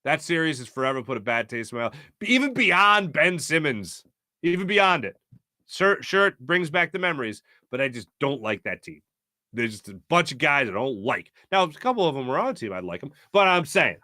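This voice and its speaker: A man's voice: a little high, sing-song, a little fast, sharp tone, no room sound, studio quality. An American man hosting a sports talk show, rambling and opinionated, with many fillers. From United States. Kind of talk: casual sports talk monologue.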